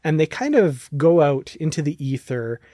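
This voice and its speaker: A man's voice: a little high, big pitch swings, moderate pace, mellow, no echo, studio quality. Laughing male podcast host. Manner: laughs often, many fillers and restarts. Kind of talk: casual podcast chat.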